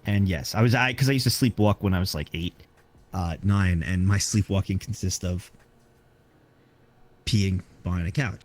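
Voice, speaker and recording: A man's voice: low-pitched, normal speed, long pauses. Rambling young man telling stories. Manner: rambling storyteller who repeats himself. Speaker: guest streamer. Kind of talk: casual interview chat.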